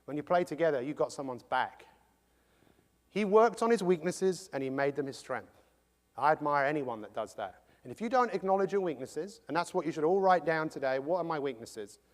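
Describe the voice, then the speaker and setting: A middle-aged man giving an energetic motivational talk, quizzing the audience as he goes. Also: fairly high pitch, brisk. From England. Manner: energetic, rhetorical, quizzes the crowd. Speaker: motivational speaker. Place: large conference hall. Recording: long hall reverb.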